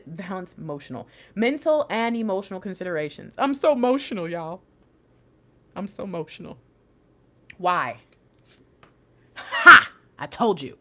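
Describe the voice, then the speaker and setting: A woman's voice: fairly high pitch, fairly bright tone. A woman giving a casual, chatty tarot reading, preaching emphatic asides straight to her viewers. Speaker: intuitive tarot reader.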